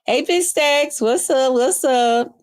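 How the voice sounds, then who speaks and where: On a livestream, a woman chats casually and slowly, reading viewer comments and answering them in an animated, sassy way. She jumps between high exclamations and low muttered asides.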